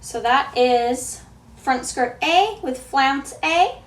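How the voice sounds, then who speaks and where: Here a sewing vlogger, a young Canadian woman, speaks in a high-pitched, expressive voice while working at home. Her talk is a chatty sew-along: she walks herself through each step aloud and lets out quick exclamations.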